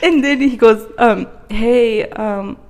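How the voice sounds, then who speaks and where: A woman's voice: fairly high pitch, takes it slowly, darkish tone. A young woman co-hosting a podcast, telling a story in casual chat and laughing often. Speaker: podcast co-host. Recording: roomy hall reverb.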